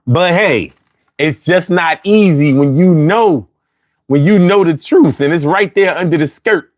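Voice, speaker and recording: A man hosting a call-in talk show in AAVE, animated and joking with plenty of profanity. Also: a little high, measured pace, no echo, clean studio sound.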